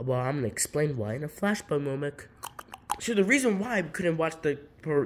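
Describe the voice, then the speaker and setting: A man's voice: on the high side, background noise. A man voicing a laid-back male frost bear who tells a story in a rambling, self-interrupting way. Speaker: storyteller and creator. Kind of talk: fan-made character story.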